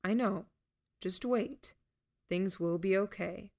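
A woman voicing a calm, steady young man who speaks low, gentle and measured. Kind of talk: audiobook character voice.

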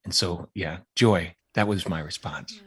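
Earnest man with a low voice. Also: a little slow, breathy edge, dry recording. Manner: earnest and emphatic. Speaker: guest. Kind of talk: interview answers.

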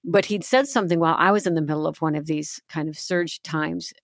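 A woman's voice: low voice, a little fast, creaky, no room sound, studio quality. A middle-aged woman talking earnestly as an author guest in a faith interview, confiding and often quoting scripture.

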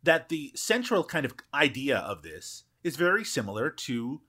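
A man's voice: medium pitch, sing-song, moderate pace, sharp tone. A man co-hosting a film podcast, talking casually and at length, with frequent restarts and swearing. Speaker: podcast co-host. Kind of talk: casual chat.

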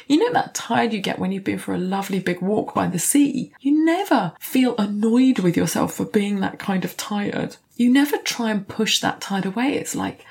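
A woman's voice: medium pitch, normal speed, gravelly. A middle-aged woman coach talking candidly in a reflective podcast, now and then swearing. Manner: candid, warm, occasionally swears.

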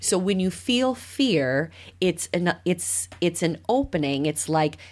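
A middle-aged woman with a low, grounded voice talks casually as a podcast co-host. She tells stories warmly and brightens into animated quoted voices along the way. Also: slow pace. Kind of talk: casual conversation about parenting.

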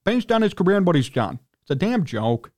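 A man with a Chicago accent, hosting a sports talk radio show, ranting indignantly and clearing his throat as he gets worked up. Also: very animated, brisk, a little mellow. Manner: indignant, ranting, pitch jumps when worked up. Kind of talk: heated sports talk rant.

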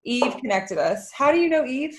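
A woman hosting a podcast, chatting casually and firing off quick questions and reactions. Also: sits high, very animated. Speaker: podcast host.

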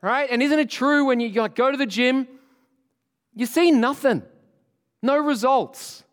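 A high-voiced man preaching in a big church, and his sermon rings out with a long hall echo. He talks to the congregation in a lively, joking way. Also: moderate pace. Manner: animated, conversational, joking with the congregation. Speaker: pastor.

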